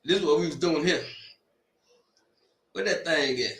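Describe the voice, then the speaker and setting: A man in his forties with a bright, high-pitched voice, telling loud, joking stories at an unhurried pace. He rambles from tangent to tangent, and the room around him rings with echo while faint music plays behind. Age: 40s. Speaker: host of a sports watch-party stream. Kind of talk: casual storytelling chat.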